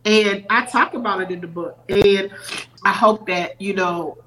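A woman's voice: medium pitch, a little slow, heavy background noise. A middle-aged woman on a podcast, telling a personal story earnestly and teary-eyed, acting out what others said. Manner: earnest, acts out quoted voices. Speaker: podcast guest. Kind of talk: emotional storytelling.

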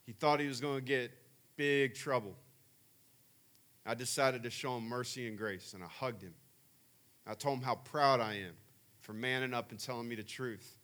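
Bright-voiced man in his forties preaching. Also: medium pitch, normal speed, long pauses. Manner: animated, chatty storytelling. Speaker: camp speaker. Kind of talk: sermon.

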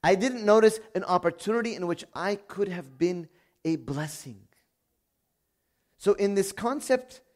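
A middle-aged man preaching a sermon with a slightly high voice. He tells stories earnestly, sinking to near-whispered confession and then climbing to loud, emphatic peaks. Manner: earnest storytelling, swings from quiet confession to raised emphasis. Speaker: priest.

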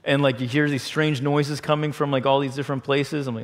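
A man telling a personal story in a chatty, animated way, full of fillers. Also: mid-range voice, fairly quick. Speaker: speaker. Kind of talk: storytelling talk.

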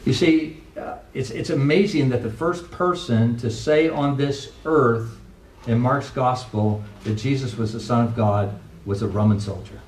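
Pastor preaching in an echoey hall. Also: male voice, medium pitch, measured pace, a little mellow. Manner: conversational preaching, rhetorical questions, acts out quoted lines. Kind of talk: sermon. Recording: echoey room from far off, faint noise.

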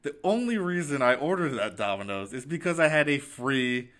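A man's voice: mid-range voice, big pitch swings, moderate pace, fairly bright tone. A young man co-hosting a podcast in casual chat, laid-back and explaining himself. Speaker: podcast co-host.

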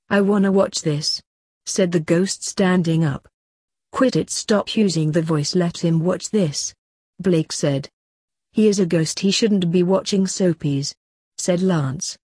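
Woman reading a story aloud; mellow, breathy low voice, plain character voices. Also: measured pace, no echo.

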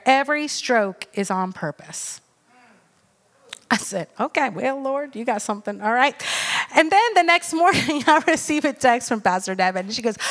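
A woman in her thirties giving a sermon full of personal stories, chatty and animated, checking in with the audience with "okay?" and "all right?". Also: high voice. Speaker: speaker at a women's church gathering. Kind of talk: preaching with personal storytelling.

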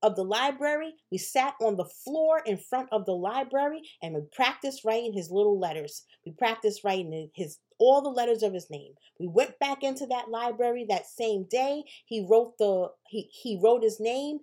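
A woman's voice: on the high side, animated, normal speed, hardly any pauses, a little mellow. A woman hosting a podcast, telling a personal story in a candid, conversational way, swearing casually and often asking "right?". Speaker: podcast host.

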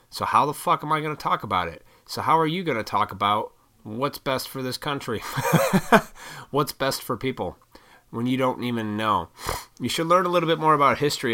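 Young male podcast host, low and bright-toned, a profane, opinionated ranter. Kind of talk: casual rant.

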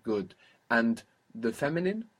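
A man's voice: medium pitch, big pitch swings, takes it slowly, husky. A man teaching a spoken language lesson, patiently coaching pronunciation step by step.

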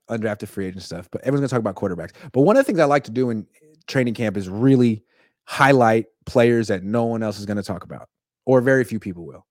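A man giving casual, jokey sports commentary with quick, animated asides. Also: medium pitch, no echo, clean studio sound.

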